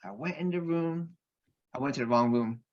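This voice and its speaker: A man, a podcast guest, telling a personal anecdote in an animated way and acting out the voices of the people in it. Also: medium pitch, normal speed, lo-fi sound. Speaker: podcast guest, real estate investor.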